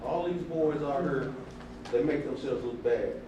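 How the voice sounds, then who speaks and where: A man's voice: mid-range voice, a little slow, muffled recording. A man from a church group heatedly retelling a scripture debate, acting out both sides with emphatic outbursts. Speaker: church member recounting a debate. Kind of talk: animated storytelling in group talk. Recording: echoey room, mic far off, faint noise.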